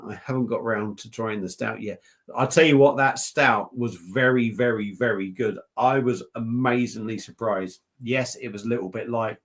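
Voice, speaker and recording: Give me a jokey, rambling man from southern England hosting a casual live chat. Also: fairly low pitch. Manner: rambling, jokey, laughs often. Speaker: beer review channel host.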